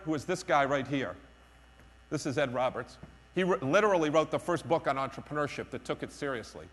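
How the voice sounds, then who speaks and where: A man delivers a conference keynote in a fairly high voice, driving his points home by repeating them and slipping in self-deprecating jokes. His voice rings out with the long reverb of a big conference hall. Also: lively intonation, a little fast, a bit bright. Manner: emphatic, repeats key phrases, self-deprecating humor. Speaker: keynote speaker.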